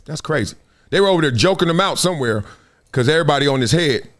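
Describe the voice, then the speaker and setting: Fast and a little high, this man's voice carries a live sports talk show. He tells animated stories in loose slang, laughs a lot, and keeps breaking into impressions of other people.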